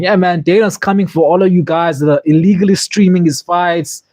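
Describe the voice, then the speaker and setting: A man's voice: sits high, steady tone, normal speed, few pauses, a little mellow, no echo. A man streaming a casual chat, rambling with lots of fillers and restarts. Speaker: streamer reviewing fights.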